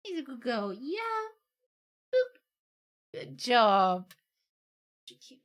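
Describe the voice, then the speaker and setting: A woman's voice: a little high, big pitch swings, drawn-out words. A woman streaming live, chatting casually, cooing at her dog in baby talk and giggling as she thanks her viewers.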